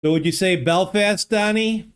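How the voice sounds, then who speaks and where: Speaking at an ordinary pace, this man has a high, clear and resonant voice picked up by a desk mic. While live-streaming a geography guessing game, he thinks aloud and chats easily with viewers, responding to what they type.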